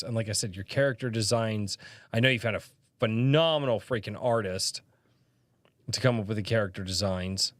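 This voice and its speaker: A man's voice: fairly low pitch, moderate pace, no room sound. A man hosting a podcast in casual chat, talking with enthusiasm and casual swearing. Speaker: podcast host.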